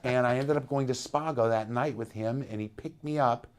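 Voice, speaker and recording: Man telling a lively anecdote. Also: medium pitch, moderate pace. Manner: animated anecdote-telling, acting out quoted voices. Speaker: interviewed musician. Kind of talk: storytelling in an interview.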